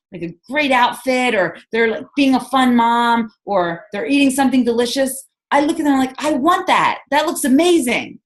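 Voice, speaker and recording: A woman with a slightly raised voice gives her team an energetic pep talk. She sounds enthusiastic and keeps throwing out rhetorical questions to pull listeners in. It has the feel of a motivational coaching session on a conference call. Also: on the high side. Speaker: sales team leader.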